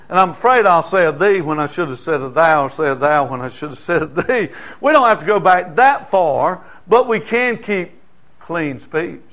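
An older man preaches to his congregation in a folksy, talking style, dropping in call-and-response asides. His voice sits a bit high for a man. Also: expressive, moderate pace, fairly bright tone. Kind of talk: sermon.

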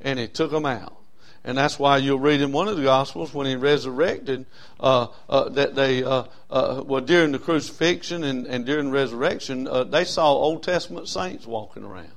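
A man preaching a sermon in a folksy way, swinging between loud stressed words and soft drawn-out phrases. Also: medium pitch, creaky. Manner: folksy, with frequent uh fillers. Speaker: pastor.

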